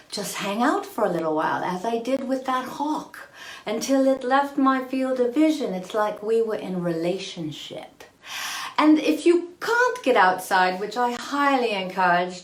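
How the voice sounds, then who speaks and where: A woman hosting a live-streamed self-care talk from a bathroom, gushing and playful, calling her viewers darling. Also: fairly high pitch. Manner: playful and expressive, laughs often. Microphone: phone livestream. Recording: roomy, echoey bathroom sound.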